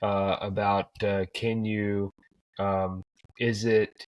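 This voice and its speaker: A man speaks casually on a podcast, pausing with fillers as he works through a thought. His voice is low and the sound is dry. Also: level tone, dry recording, poor audio. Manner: halting, thinks aloud with fillers. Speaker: podcast co-host. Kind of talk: casual chat.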